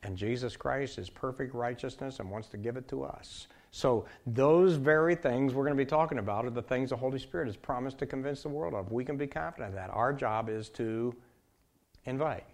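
A man preaching a sermon, emphatic, swinging from loud to soft and repeating his points. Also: mid-range voice, a little fast.

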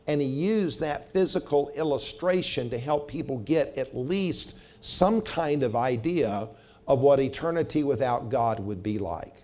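A middle-aged man preaching a sermon, measured and slowing down to stress scripture. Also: mid-range voice, a little mellow. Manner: measured, slows for emphasis on scripture. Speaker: pastor.

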